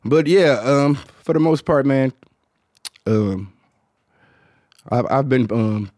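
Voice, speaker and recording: Man, Detroit accent, podcast host, casual chat, low mumbled delivery, rambling and profane, mid pitch, dry close mic. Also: takes it slowly, darkish tone, no echo. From Detroit, United States. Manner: low-toned, mumbled, hard-to-follow delivery; loose, profane, rambling with many fillers.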